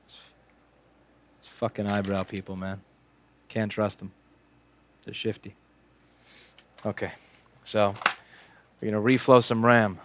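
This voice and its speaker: With a noisy background behind him, a repair technician in his late twenties livestreams casually as he works on repairs. He talks in a lowish, steady voice at a slow pace, pausing often, and his chatter is sarcastic, jokey, and rambling.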